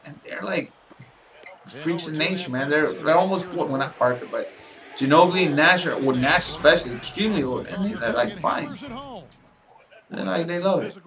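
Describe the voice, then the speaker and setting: Young male gameplay commentator, rambling, chatty, slightly high voice, jumps into impressions of players. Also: poor audio. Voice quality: rambling, animated reactions, mimics players and coaches.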